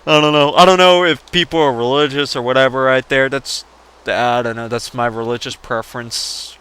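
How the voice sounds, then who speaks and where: A young man telling a rambling story about his sister while playing a game, breaking into high squeaky acted-out quotes. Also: steady tone, moderate pace, a bit bright, clean tone. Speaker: let's play gamer. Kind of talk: casual gameplay commentary.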